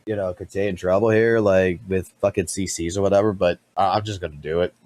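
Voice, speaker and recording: A man streaming live commentary, blunt and profane, talking fast and animated. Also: low-pitched.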